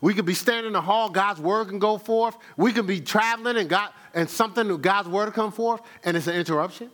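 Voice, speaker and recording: This pastor's sermon moves at a fairly quick clip, with a slightly bright voice that swings upward to stress ideas and downward for asides. He keeps it folksy and conversational, chuckling and repeating words.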